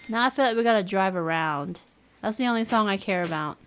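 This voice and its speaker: A woman's voice: mid-range voice, animated, fairly quick, fairly bright tone, slight background noise. A young woman streaming a game, chatting casually and musing aloud as she plays, often repeating words playfully. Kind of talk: casual live-stream commentary. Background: game music.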